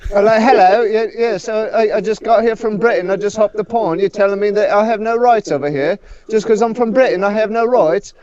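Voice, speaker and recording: A man putting on a fast, pompous voice as an indignant young British man demanding his rights. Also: sits high, a little mellow, close to an everyday voice. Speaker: panelist. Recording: muffled lo-fi audio with crowd noise.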